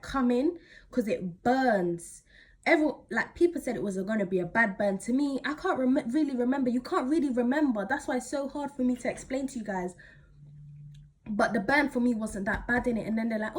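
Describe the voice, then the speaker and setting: A teenage girl, chatting to camera as she retells a story in a casual, animated way. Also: on the high side, breathy edge. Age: teens. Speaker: vlogger.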